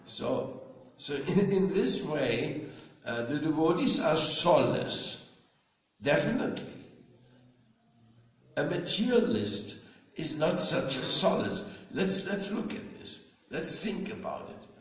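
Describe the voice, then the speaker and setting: A man, a spiritual teacher, giving a slow devotional talk to an audience and often asking them questions. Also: a little high, sing-song, a bit bright, distant mic. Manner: slow, conversational, asks listeners questions. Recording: very echoey room, faint ambience.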